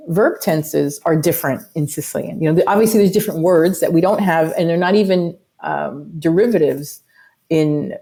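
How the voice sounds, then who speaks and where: An American woman, a musician appearing as a guest on a casual podcast interview, explains things at length and wanders into lots of asides. Her voice is on the low side with a dark tone.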